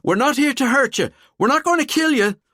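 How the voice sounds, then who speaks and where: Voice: mid-range voice, sing-song, moderate pace, no echo, clean studio sound, voice pushed up. A male narrator voicing a young woman detective who speaks firmly and directly. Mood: shouting. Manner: firm, urgent when shouting.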